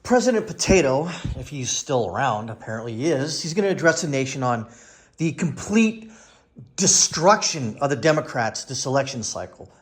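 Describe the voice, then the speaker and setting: A man's voice: medium pitch, sing-song, normal speed. A man in his forties giving sarcastic casual political commentary, mocking others in whiny voices.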